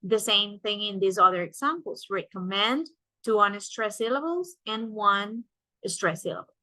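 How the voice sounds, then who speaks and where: A woman's voice: medium pitch, expressive, a little slow, bright, forceful tone, no room sound, low-quality recording. A young adult woman teacher giving a recorded class lesson, explaining step by step and checking in with "right?" between points.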